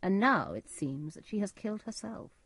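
A woman's voice: mid-range voice, very animated, normal speed, fairly bright tone, slightly rough, no echo, heavily acted. A woman reading a storybook voices a scheming young nobleman who speaks in a curt, commanding way.

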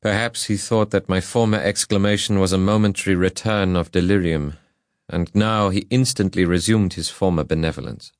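A man narrating an audiobook in a measured, solemn reading. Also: deep voice, fairly even intonation, no echo, clean studio sound.

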